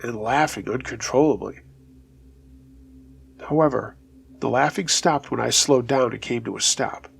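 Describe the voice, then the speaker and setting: A man hosting a storytelling channel, reading true scary stories in a steady, low-key scripted narration. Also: vocal fry, breathy edge.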